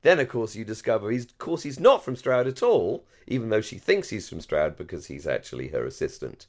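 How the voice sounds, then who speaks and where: Posh rp english guy, lowish voice, chatty and excited, lots of um and restarts. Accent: received pronunciation English. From England, Surrey-Hampshire border. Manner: chatty, enthusiastic, frequent restarts and fillers, quick to laugh. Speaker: podcast co-host. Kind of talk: casual chat.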